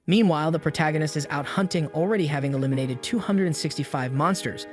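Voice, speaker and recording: A man's voice: fairly high pitch, quick pace, hardly any pauses, faint music behind. A man narrating a comic recap in a casual tone, reading every character's lines himself. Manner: retells the plot loosely and reads every character's lines himself.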